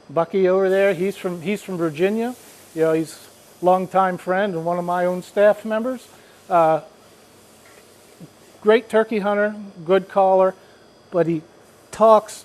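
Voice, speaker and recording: A man's voice: sits high, a little mellow, low-quality recording. A man teaching a group how to hunt turkeys, speaking in a folksy, rambling way with frequent restarts. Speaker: hunting instructor. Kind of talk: casual spoken instruction.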